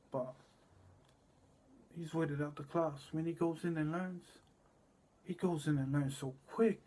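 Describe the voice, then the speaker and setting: A man with a husky, slightly raised voice talks in a rambling monologue. His thoughts come in repetitive, disjointed fragments. He swings between near-murmurs and louder outbursts. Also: on the high side. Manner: disjointed, repetitive, wandering from loud to quiet.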